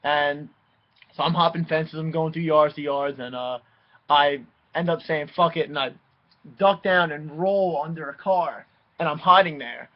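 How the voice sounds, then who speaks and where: A young man casually telling a personal story, animated and swearing freely, mimicking the people he quotes. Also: a little high, measured pace. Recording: dull lo-fi recording.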